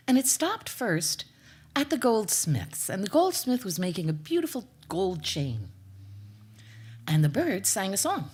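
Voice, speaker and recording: A woman's voice: lowish voice, darkish tone, husky. A woman storyteller telling a folk tale live, dramatic, with playful asides to the audience.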